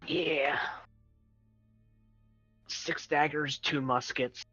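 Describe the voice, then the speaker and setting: Unhurried, terse player; plain mid voice, faint music under. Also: mid-range voice, steady tone, bright, forceful tone, slightly rough, no room sound, dull audio. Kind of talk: casual tabletop game chat.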